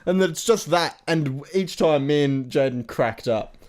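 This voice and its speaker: A man's voice: a little high, animated, measured pace, darkish tone. A man co-hosting a casual film review podcast, telling stories animatedly and mimicking characters. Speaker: podcast co-host.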